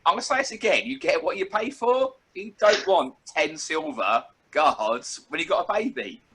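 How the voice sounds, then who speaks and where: A man playing a tabletop game, talking bluntly and forcefully. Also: fairly high pitch, big pitch swings, normal speed, slightly rough. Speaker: player. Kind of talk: casual chat while playing a tabletop game.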